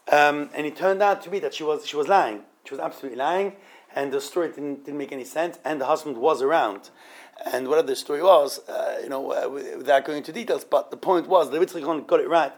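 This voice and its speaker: A man teaching an informal Torah study class, halting and often repeating words as he explains. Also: fairly high pitch.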